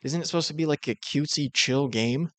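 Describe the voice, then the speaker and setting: A man's voice: fairly high pitch, quick pace, a bit bright, no room sound. A man giving dry, critical and sarcastic commentary over reaction clips. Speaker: commentary host.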